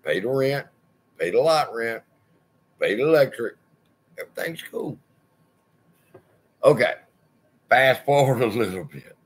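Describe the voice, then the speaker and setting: Husky man with a lively, swooping voice; casual storyteller, profane and wry. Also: medium pitch, moderate pace, pauses often. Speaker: channel host.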